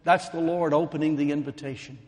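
A man preaching a sermon, slow and emphatic, building to fervent pleading. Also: a little high, fairly even intonation, darkish tone. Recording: long hall reverb.

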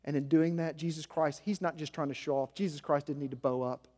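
A man preaching a sermon as senior pastor, swinging between loud emphasis and hushed, low passages. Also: fairly even intonation, brisk. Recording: long hall reverb.

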